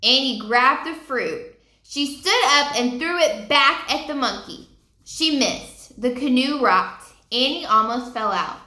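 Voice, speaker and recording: A woman reading a children's book aloud in an expressive way, stopping to ask her listeners questions. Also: high voice, takes it slowly. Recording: roomy echo.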